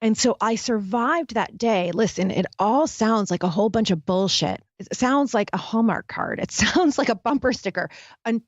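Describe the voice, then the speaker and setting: A woman's voice: fairly high pitch, lively intonation, moderate pace, no echo, lo-fi sound. A woman guest telling a dramatic personal story in an interview, speaking intensely and straight to the listeners. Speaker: guest, happiness expert. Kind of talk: candid storytelling interview talk.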